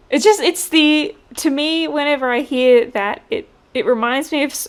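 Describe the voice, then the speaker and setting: Woman, tarot reader, casual, chatty, laughs a lot, slightly high voice. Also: vocal fry. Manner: chatty, laughs often, mimics voices in quotes.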